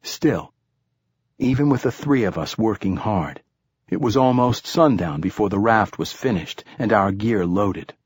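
Low, husky male audiobook narrator. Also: no echo. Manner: calm, measured storytelling.

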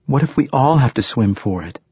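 A man reading aloud voices a young girl who speaks flatly and questions everything. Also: medium pitch, fairly quick, breathy edge, no echo, clean studio sound, pitched above the performer's own voice. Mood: doubting. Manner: flat, skeptical questioning. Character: young girl, doubting and blunt.

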